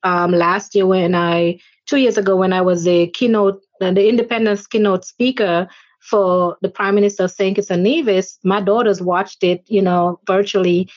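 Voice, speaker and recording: A woman's voice: mid-range voice, fairly even intonation, normal speed, no room sound. Woman, 40s, thoughtful interview guest, dry close sound. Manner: earnest, reflective, with frequent fillers. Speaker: organization chair, interview guest. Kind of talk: conversational interview answers. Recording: slightly dull lo-fi audio.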